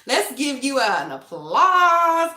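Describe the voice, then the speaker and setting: High, lively young woman streamer. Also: takes it slowly, echoey room. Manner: animated, laughs often, talks straight to chat. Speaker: tarot reader and livestream host. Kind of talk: casual livestream chat with viewers.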